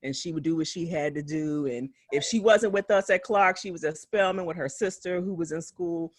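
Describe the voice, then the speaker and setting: This podcast co-host is a physician in her forties from West Philadelphia, speaking on the low side at normal speed with no echo. In a casual chat she spins lively stories, laughs a lot, and performs the quotes.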